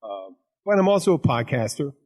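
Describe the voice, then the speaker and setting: A man's voice: mid-range voice, very animated, brisk, darkish tone. A man hosting a podcast, a bartender telling rambling stories full of crude jokes and restarts. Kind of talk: casual chat.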